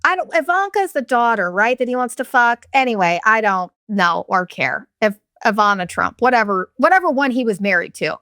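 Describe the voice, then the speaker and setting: A woman's voice: fairly high pitch, lively intonation, moderate pace, hardly any pauses, pushed and bright, no room sound, studio quality. A woman in her forties, from Arizona, hosting a casual solo podcast, telling rambling, profane, jokey stories. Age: 40s. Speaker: podcast host.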